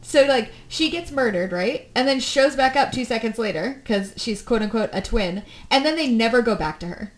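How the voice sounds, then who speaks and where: A woman with a somewhat high voice talks loosely in casual podcast chat. She rambles, circles back, and leans on fillers as she goes. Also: expressive, normal speed, few pauses. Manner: rambling, full of fillers and restarts.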